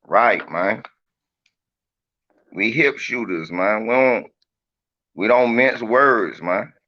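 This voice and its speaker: A man's voice: on the low side, slow, dull audio. A man chatting on a livestream in a brash, profane, joking way and teasing his viewers. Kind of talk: casual livestream chat.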